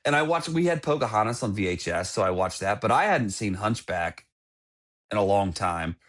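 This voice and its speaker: A man's voice: lowish voice, expressive, normal speed. A man in his thirties, co-hosting a podcast, chatting enthusiastically and rambling. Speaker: podcast co-host. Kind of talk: casual chat.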